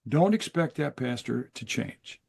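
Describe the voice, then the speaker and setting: Older man with a gravelly voice. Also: medium pitch, lively intonation, darkish tone. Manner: earnest, explanatory, measured with pauses. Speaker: guest author. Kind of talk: interview conversation.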